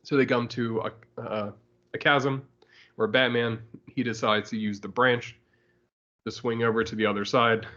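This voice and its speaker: A man's voice: mid-range voice, level tone, normal speed, pushed and bright. A man hosting a podcast, casually recapping a comic book with frequent laughter, recorded with slightly muffled sound. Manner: laughs often, rambling recap. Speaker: podcast host.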